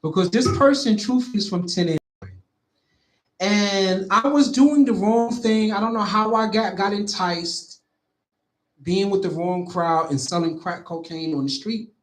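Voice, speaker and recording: A man's voice: high-pitched, measured pace. A man, telling stories in casual talk-show chat, full of "you know" fillers and street slang. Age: 50s. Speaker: co-host. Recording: roomy echo.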